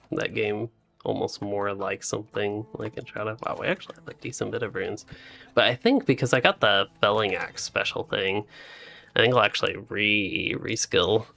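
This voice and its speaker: A man's voice: on the low side, gravelly. A man streaming a co-op survival game, chatting casually and rambling between tasks, with frequent laughs and a late-night sleepiness. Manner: relaxed, rambling, laughs often. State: sleepy, yawning. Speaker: gaming streamer. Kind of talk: casual co-op gameplay chat.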